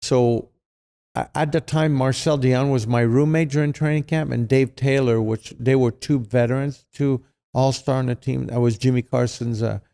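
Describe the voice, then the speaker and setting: This interview guest is a retired hockey player, middle-aged and French-Canadian, with French as his first language. His mid-range voice is creaky but clean, at normal speed. Telling casual stories, he stays animated, leans on fillers and imitates anyone he quotes.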